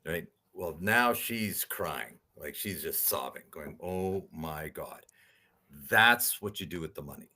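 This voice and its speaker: A man, a podcast guest, telling animated stories and often asking "right?" as he talks. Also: low-pitched, unhurried, few pauses. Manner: animated storyteller, rhetorical "right?" tags. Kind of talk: storytelling interview talk.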